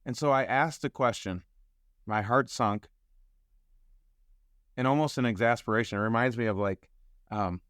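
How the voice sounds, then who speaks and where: Animated storytelling man, dry close sound. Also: moderate pace, pauses often, dry recording. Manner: acts out quotes, rises sharply in pitch when excited. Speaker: podcast guest, entrepreneur.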